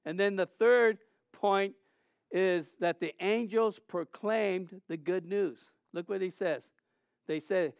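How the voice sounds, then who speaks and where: High, clear-voiced male preacher. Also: takes it slowly, no echo. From Southern California. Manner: conversational preaching, animated storytelling with repeated restarts. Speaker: pastor. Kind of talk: sermon.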